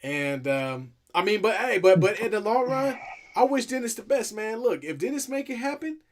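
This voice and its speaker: Guy cohosting sports talk, kinda high voice, joking around, slangy and loose. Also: expressive, moderate pace. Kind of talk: casual banter.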